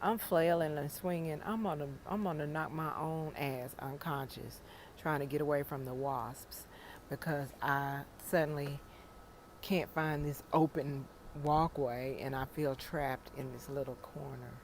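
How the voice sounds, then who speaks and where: A woman's voice: deep voice, fairly even intonation, unhurried, a little mellow, a little hiss or hum. A middle-aged woman chatting casually about her garden, frank and joking, with salty language, talking outdoors in a home garden. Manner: frank, joking, profane storytelling. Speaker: gardening vlogger. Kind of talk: casual chat.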